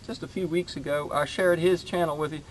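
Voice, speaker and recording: A man's voice: a little high, fairly even intonation. A man hosting his homestead channel, chatting casually outdoors in his garden and rambling with lots of fillers. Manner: rambling, halting with many fillers.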